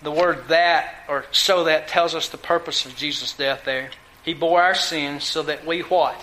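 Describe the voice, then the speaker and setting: A man's voice: on the high side, steady tone, a little slow, sharp tone, reverberant, slight background noise, low-quality recording. A man preaching a sermon, emphatic, asking his listeners questions and answering them himself. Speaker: pastor.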